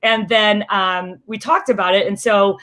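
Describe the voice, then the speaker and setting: A woman from a small town outside Chicago telling a story in casual chat, lively and joking, acting out the other people's voices. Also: mid-range voice, measured pace. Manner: animated, acts out quoted voices, self-described jokester. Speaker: interview guest.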